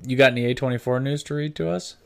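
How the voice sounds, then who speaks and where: A man's voice: medium pitch, steady tone, fast talker, gravelly. A man co-hosting a casual movie podcast, joking and teasing his co-host in playful banter. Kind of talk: casual chat.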